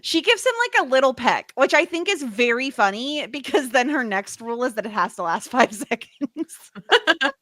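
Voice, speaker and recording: Lively bright-voiced woman recapping a show. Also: sits high, moderate pace. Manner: animated, laughs often, swears freely. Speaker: podcast co-host. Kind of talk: casual recap chat.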